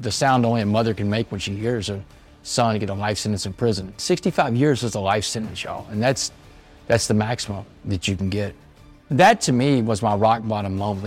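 A man's voice: on the low side, darkish tone. A man, a motivational speaker earnestly telling a personal story. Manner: earnest, quotes others in their voices. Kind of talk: storytelling speech. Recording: faint music underneath.

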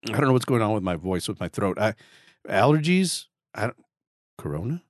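A man in his forties hosting a casual podcast, with a raspy throat, talking in a chatty way, repeating words and cracking small jokes about himself. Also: on the low side, sing-song, fairly quick, dry recording, clean studio sound. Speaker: podcast host.

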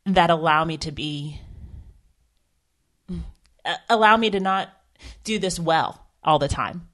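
A woman's voice: on the low side, slow pace, a bit bright. A woman co-hosting a podcast, talking earnestly and emotionally about faith, with frequent restarts. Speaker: podcast co-host. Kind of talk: candid faith podcast conversation.

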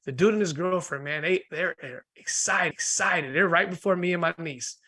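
Husky, bright-voiced man telling a story. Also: a little high, normal speed. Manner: lively, laughs often, acts out voices. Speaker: guest. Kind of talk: animated storytelling in conversation.

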